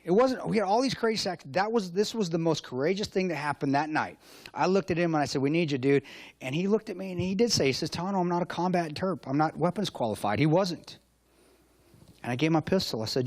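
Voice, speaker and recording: A man's voice: mid-range voice, no echo. A man delivers a motivational talk at a luncheon in a mid-range voice, mixing war stories with self-mocking jokes. He hammers points home with punchy, repeated phrases. The sound is close and dry with little room. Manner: joking, self-mocking storyteller. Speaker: keynote speaker. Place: hotel luncheon hall.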